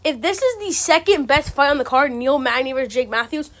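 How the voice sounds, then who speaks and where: A woman's voice: high-pitched, lively intonation, a little fast, hardly any pauses. A woman giving casual, ranting commentary, exasperated and profane, full of slang. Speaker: MMA commentary channel host.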